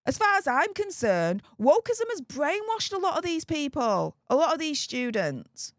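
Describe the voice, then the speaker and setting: A woman's voice: high-pitched, very animated, normal speed, no echo, clean studio sound. A woman from England with a Northern English accent hosting political commentary, talking in a riled-up, sarcastic, emphatic way. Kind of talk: opinionated commentary.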